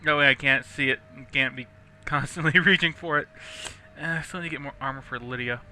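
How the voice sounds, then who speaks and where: A young man casually rambling through gameplay commentary, chatty and quick to laugh. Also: mid-range voice, bright, forceful tone. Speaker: let's play host.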